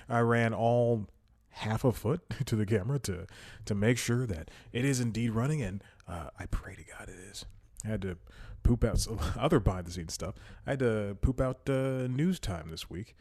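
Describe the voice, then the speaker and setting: A man's voice: medium pitch, normal speed, darkish tone. A man hosting his own podcast, chatting casually in a rambling, self-mocking way and chuckling often, a little out of breath. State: slightly out of breath. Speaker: podcast host. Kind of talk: casual solo podcast chat. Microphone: headphones and studio mic.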